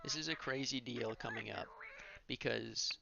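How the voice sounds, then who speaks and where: A man's voice: medium pitch, normal speed, vocal fry, dull audio, heavy background noise. A male streamer giving gameplay commentary, thinking aloud and correcting himself as he goes.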